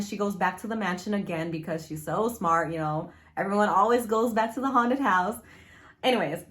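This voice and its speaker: Chatty woman reviewing a spooky book. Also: mid-range voice. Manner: chatty, animated, easily spooked, many fillers. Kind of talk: casual book review vlog. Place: her room at home.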